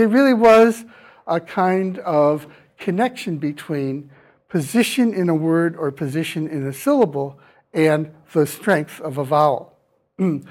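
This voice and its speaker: A man's voice: high-pitched, a little mellow. A man giving a classroom lecture, explaining step by step, voicing sample vowel sounds to show them and taking questions from students. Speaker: university lecturer.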